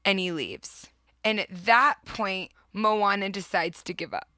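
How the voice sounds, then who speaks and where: A woman's voice: mid-range voice, measured pace, pushed and bright. A woman hosting a podcast, retelling a story with heartfelt enthusiasm in a casual, reflective way. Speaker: podcast host.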